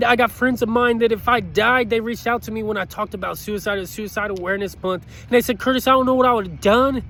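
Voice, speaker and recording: A man's voice: high voice, fairly bright tone, a little hiss or hum. A man giving a heartfelt motivational talk in an earnest, pleading way, choked up with emotion. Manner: earnest, pleading, repeats his points. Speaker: motivational speaker.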